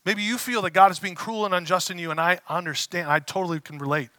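A man preaching a conversational sermon as a pastor, casual and animated, acting out the voices he quotes. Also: high-pitched, fast talker, dry recording.

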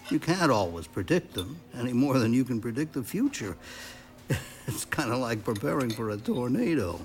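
A calm, lively older advisor. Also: male voice, mid-range voice, moderate pace. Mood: reflective. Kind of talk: radio drama acting.

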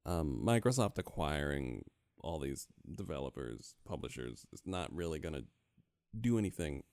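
A man's voice: rumbling low, sing-song, moderate pace, a little mellow, smooth, dry recording, clean studio sound. A man co-hosting a podcast, chatting casually with wry, blunt remarks. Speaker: podcast co-host. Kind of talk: casual chat.

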